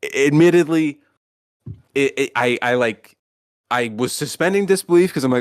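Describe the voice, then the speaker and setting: A man's voice: medium pitch, fairly quick, no echo. Guy on a podcast rambling and swearing about stuff, mid voice, dry close mic. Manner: rambling, profane, animated movie rant. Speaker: podcast co-host. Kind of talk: casual podcast chat.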